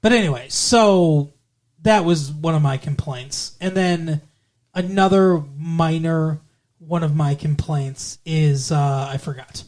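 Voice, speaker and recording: A man's voice: fairly high pitch, steady tone, slow, a little mellow. A man co-hosting a podcast, chatting casually about a movie in a rambling, profane way. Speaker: podcast co-host. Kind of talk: casual movie-review chat.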